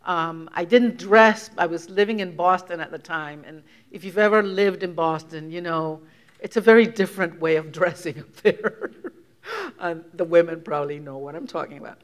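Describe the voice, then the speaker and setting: A woman's voice: fairly low pitch, moderate pace. An older woman from Puerto Rico giving a conversational lecture as a guest author, reflective, laughing often and restarting her sentences.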